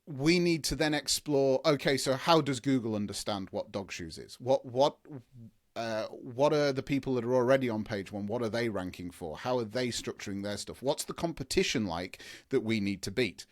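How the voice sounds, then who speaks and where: Male guest expert, enthusiastic rambling explainer, restarts often, mid-pitched. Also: expressive, moderate pace. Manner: enthusiastic, rambling, frequent restarts and long lists. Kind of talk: conversational explaining in an interview.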